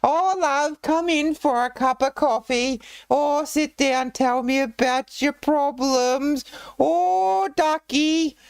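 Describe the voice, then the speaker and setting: Comedy bit: a man putting on a shrill, motherly old housewife who fusses over everyone, in a dry close sound. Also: slow pace, gravelly, no echo, exaggerated voice. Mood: fussing. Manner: shrill falsetto, fussing and motherly. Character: chatty old female housewife in a comedy sketch.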